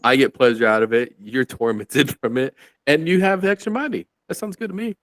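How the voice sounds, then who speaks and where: A man's voice: medium pitch, brisk, fairly bright tone, no echo. A man on a casual podcast chat, telling a mischievous story and laughing as he goes.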